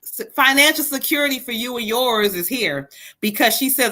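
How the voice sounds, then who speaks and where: A woman giving a live tarot reading, animated and folksy as she relays spirit messages. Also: on the high side, moderate pace. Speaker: psychic reader.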